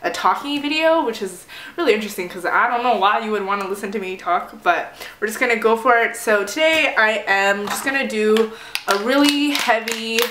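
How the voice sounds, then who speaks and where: A woman's voice: on the high side, lively intonation, moderate pace, a bit bright, roomy sound, a little hiss or hum. A young woman chatting casually while doing her makeup, rambling with lots of fillers. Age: young adult. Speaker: beauty vlogger. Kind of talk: casual get-ready-with-me chat.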